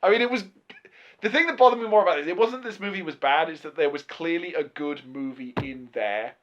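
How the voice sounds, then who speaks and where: A man's voice: on the high side, brisk, background noise. A man in his twenties co-hosting a movie podcast in casual chat, ranting animatedly and swearing often. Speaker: podcast co-host. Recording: lo-fi podcast recording.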